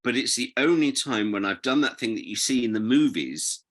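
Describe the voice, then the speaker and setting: A middle-aged British man chatting in an interview, telling rambling, animated stories and drifting off on tangents. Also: mid-range voice, moderate pace. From Britain. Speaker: guest. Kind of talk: casual interview chat.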